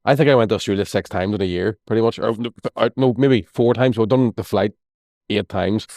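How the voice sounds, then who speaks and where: A Northern Irish comedian rattles through boozy anecdotes at a quick clip, swearing freely and laughing as he goes. His voice sits close and dry on the mic. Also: fairly low pitch, a little mellow, dry recording. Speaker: comedian guest. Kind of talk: casual podcast chat.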